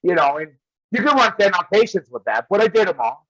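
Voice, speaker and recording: A man's voice: high voice, very animated, fairly quick, fairly bright tone, dry recording. A man, a wrestling guest, telling old road stories in casual chat and laughing often as he goes. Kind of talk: casual storytelling. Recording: dull, lo-fi sound.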